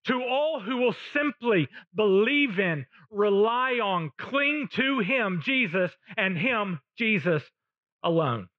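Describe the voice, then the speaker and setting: A man preaching a sermon as a pastor, slow and emphatic, pausing between short phrases. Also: high-pitched, expressive, dry recording, dull audio.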